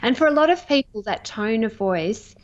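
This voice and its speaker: A woman's voice: on the high side, animated, moderate pace. A woman trading coach answering interview questions in an earnest, emphatic, enthusiastic way. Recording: dull lo-fi audio.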